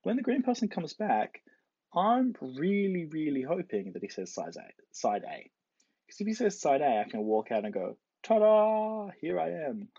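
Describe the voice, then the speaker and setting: A man with a husky, gravelly, slightly high voice lectures at normal speed in a relaxed, explanatory way, playfully acting out the characters he quotes. The recording is dull, lo-fi, and dry, with no room sound.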